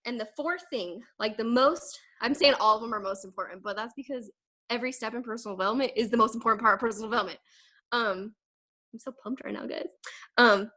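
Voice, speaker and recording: A young woman giving an energetic, emphatic motivational talk to her sales team, rambling quickly with fillers. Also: fairly high pitch. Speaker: direct sales team leader. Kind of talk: casual motivational talk to camera.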